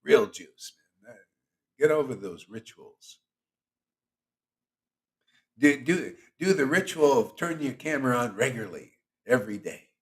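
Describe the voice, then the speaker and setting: A man's voice: medium pitch, lively intonation, unhurried, long pauses. A man as spiritual teacher, giving a casual, teasing devotional sermon to an online group.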